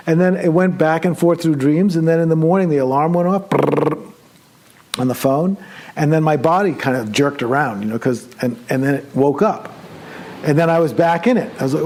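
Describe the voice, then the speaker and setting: A male meditation teacher telling a personal story during a retreat talk, conversational and animated as he acts out his own excited thoughts. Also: fairly high pitch, moderate pace, a little hiss or hum. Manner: relaxed, conversational, with many fillers.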